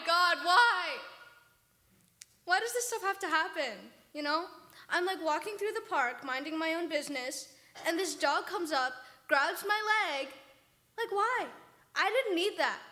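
A woman's voice: very high voice, pushed and bright, exaggerated voice. Woman playing a self-pitying young woman praying. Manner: whiny, self-pitying complaining. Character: despairing young woman pouring out her woes to God. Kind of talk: comedy sketch acting.

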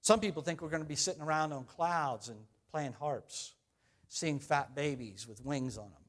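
A middle-aged male pastor preaching a sermon in an easy, conversational way. His voice sits a little high for a man, and he often puts questions to the people listening. He swings from loud, lifted lines to quiet, low ones. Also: normal speed.

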